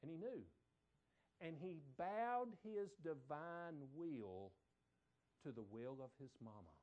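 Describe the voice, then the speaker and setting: A man preaching a sermon, animated and emphatic, often repeating phrases for effect. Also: fairly high pitch, takes it slowly.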